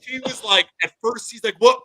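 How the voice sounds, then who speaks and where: A man's voice: fairly high pitch, normal speed, low-quality recording. A man co-hosting a podcast, telling a story in casual chat and acting out what people said. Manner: animated storytelling, acts out quotes. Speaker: podcast co-host.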